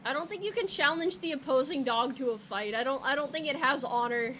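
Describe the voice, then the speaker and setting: A woman's voice: sits high, brisk, few pauses, a bit bright, a little hiss or hum. A young woman streamer chatting casually with her viewers while she plays, rambling and joking and laughing often.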